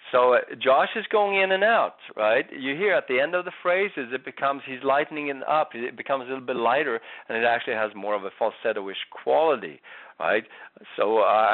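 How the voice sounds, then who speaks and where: A man working as a vocal coach, explaining feedback on a student's singing with patient restarts and frequent "right?" checks. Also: mid-range voice. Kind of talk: giving singing feedback on a recording. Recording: tinny phone-like sound.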